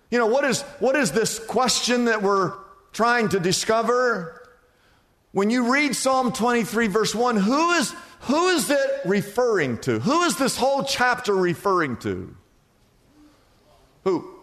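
A man preaching a sermon to a church, with dramatic phrasing that swoops from high to low and falls quiet. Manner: dramatic preaching, drawn-out phrases, sharp drops in pitch and loudness. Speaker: pastor. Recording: long reverb of a church hall.

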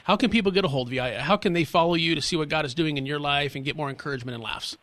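A man's voice: on the high side, very fast, very noisy. A man hosting a radio talk show, effusive and enthusiastic with his guest. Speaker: radio host.

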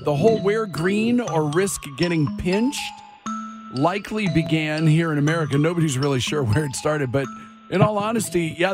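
A man hosting a morning radio show, running a jokey quiz with his co-hosts. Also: a little high. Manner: jokey, animated quiz-style delivery.

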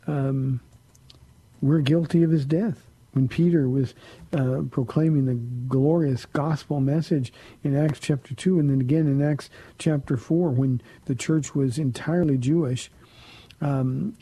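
A man's voice: fairly high pitch, steady tone, measured pace, dark tone, breathy edge, rough recording. A man pastor on a call-in radio show, answering listeners' Bible questions in an earnest, explaining way with many fillers.

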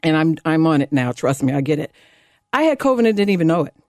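A woman in her fifties hosting a talk radio show, delivering a fired-up, sarcastic monologue that climbs high when she gets indignant. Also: sing-song, fast talker, a little mellow, no echo, studio quality. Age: 50s. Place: radio studio. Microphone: studio microphone.

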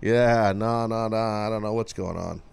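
A man hosting a radio show, teasing his cohost and callers in loud, casual banter. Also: on the low side, steady tone, moderate pace, vocal fry, clear, resonant tone. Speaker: radio host.

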